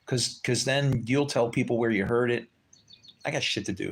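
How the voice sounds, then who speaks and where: A man's voice: medium pitch, steady tone, brisk, slight background noise. A man giving an informal Bible teaching, talking conversationally, asking his listeners rhetorical questions and swearing now and then. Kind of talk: casual unscripted Bible talk.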